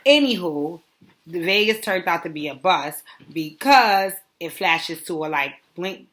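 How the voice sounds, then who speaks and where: Lowish-voiced woman doing a gossipy recap, animated, lots of blah blah asides. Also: measured pace. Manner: animated, gossipy, with frequent asides and dismissive fillers. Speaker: reality show commentator. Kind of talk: casual recap commentary.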